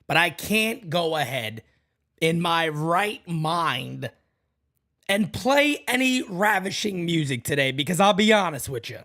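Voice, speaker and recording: A man hosting a live fan morning show, hyping up and greeting viewers by name, then dropping his voice low to talk seriously. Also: big pitch swings, unhurried. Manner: hyped shout-outs to chat, drops low when serious. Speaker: podcast host.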